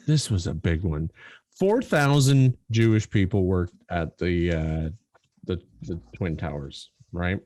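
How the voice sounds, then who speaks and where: A man co-hosting a podcast in casual chat, animated, swearing freely and laughing often. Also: low voice, takes it slowly. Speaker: podcast co-host.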